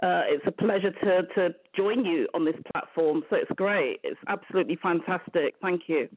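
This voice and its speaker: A woman's voice: on the low side, moderate pace, a little hiss or hum. A woman with a London accent, a business mentor guest, chatting upbeat on a live show over a remote call. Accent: London English. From England. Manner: chatty, upbeat, repeats phrases. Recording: tinny phone-like line.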